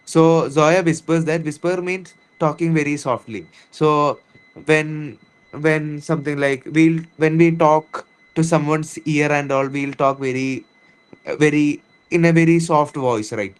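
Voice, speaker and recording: A man's voice: on the high side, fairly even intonation, clean tone, poor audio. A man with an Indian English accent reading a story aloud in an online English lesson and explaining each word patiently, often repeating himself. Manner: explains words slowly and repeats, with restarts. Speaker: English teacher. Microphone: online class.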